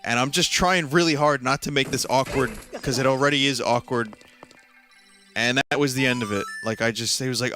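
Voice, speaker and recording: A man's voice: medium pitch, brisk, bright, forceful tone, soft background music. A man streamer telling a story in a casual, rambling way, full of restarts and side remarks. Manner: rambling with frequent restarts and asides.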